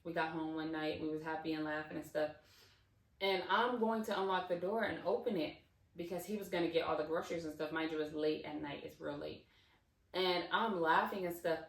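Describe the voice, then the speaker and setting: A woman talks casually on her vlog, telling a story in a loose, rambling way full of fillers and restarts. Her voice sits a little low. She is recorded from some distance in a roomy, echoey space. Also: fairly quick. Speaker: vlogger.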